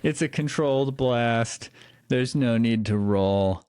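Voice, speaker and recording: A man narrating as game master, in loose, easygoing speech full of fillers and quick asides. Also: medium pitch, darkish tone, clean tone, no echo.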